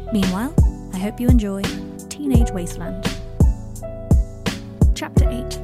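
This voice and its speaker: A woman podcast host reading her fan fiction aloud in a soft, even storytelling manner. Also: medium pitch.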